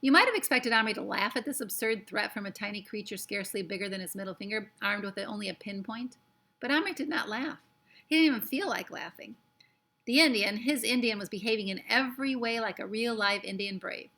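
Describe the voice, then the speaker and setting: A woman reading a children's book aloud with expressive, lively narration. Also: mid-range voice, brisk, gravelly. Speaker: storyteller.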